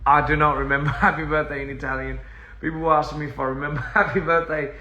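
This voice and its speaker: A man's voice: a little high, flat delivery, fast, pushed and bright. Man rambling on a livestream, echoey room. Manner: rambling, easily sidetracked, laughs often. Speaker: musician streaming live to fans. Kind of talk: casual livestream chat. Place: house, indoors. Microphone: phone. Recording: echoey room, faint ambient noise.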